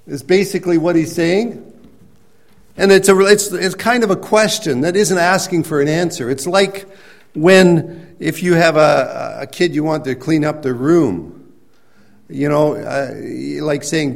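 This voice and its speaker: A man preaching a sermon, explaining scripture in a conversational way and rising to emphatic, near-shouted points. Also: fairly high pitch, unhurried, gravelly. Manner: conversational with restarts and everyday examples. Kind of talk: sermon teaching.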